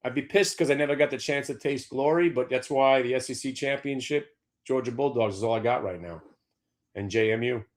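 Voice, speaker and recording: Brash male market host, fifties, profane and sarcastic, mid-pitched voice. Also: brisk. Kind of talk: opinionated trading talk.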